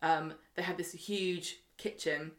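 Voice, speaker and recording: A woman co-hosting a podcast, chatting in a bubbly, lively way. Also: low voice, takes it slowly. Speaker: podcast co-host. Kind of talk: casual chat. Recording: roomy room sound.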